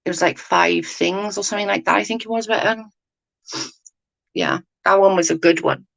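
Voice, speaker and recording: A woman's voice: medium pitch, fairly even intonation, normal speed, creaky, low-quality recording. A woman hosting a casual live chat with viewers, blunt and sweary, ranting with lots of "like" fillers. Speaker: livestream host chatting with viewers.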